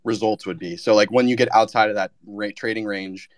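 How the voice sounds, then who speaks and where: A man's voice: lowish voice, fairly even intonation, a little fast. A man explaining a trading idea in casual chat, with many fillers.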